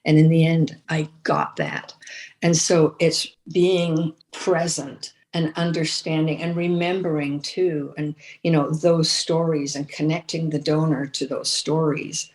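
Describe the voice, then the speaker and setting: Lower-pitched older woman telling stories. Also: a little slow. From United States. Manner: storytelling, animated, many restarts and repeated words. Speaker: guest, former chief fundraiser. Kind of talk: conversational podcast interview.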